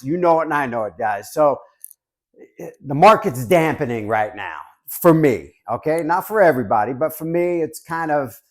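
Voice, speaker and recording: Casting: man in his fifties, collectibles host from Southern California, chatty and joking, slightly higher voice. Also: darkish tone. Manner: chatty, joking, repeats "guys". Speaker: collectibles reviewer. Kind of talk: casual chat to camera.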